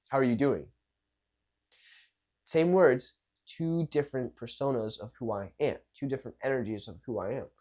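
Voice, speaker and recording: Young guy giving social skills advice, casual and animated, swears a bit, acts out examples. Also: mid-range voice, normal speed, pauses often. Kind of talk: casual coaching talk to camera.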